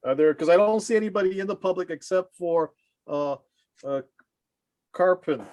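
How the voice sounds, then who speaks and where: A man chairing a commission meeting on a video call, informal and halting with many fillers. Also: sits high, warm tone, no room sound.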